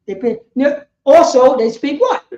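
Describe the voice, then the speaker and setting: High-pitched woman running a class, roomy, muffled recording. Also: lively intonation, a little slow, mellow. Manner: keeps asking "you know what I'm saying?". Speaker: class leader. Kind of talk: informal group lesson, questioning the class. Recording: echoey room, dull muffled sound.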